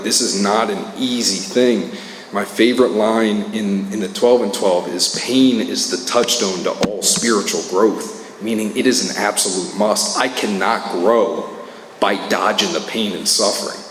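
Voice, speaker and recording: A man's voice: lowish voice, steady tone, unhurried. A man speaking at a recovery meeting, sharing a candid, earnest personal testimony full of casual fillers. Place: meeting hall. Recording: echoey hall with faint noise.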